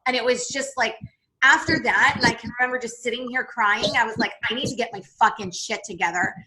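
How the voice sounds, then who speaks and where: Woman podcast guest, bright higher voice, emphatic and candid, salty language. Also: fairly quick, low-quality recording. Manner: emphatic, swears freely, quotes herself. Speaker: podcast guest, business coach.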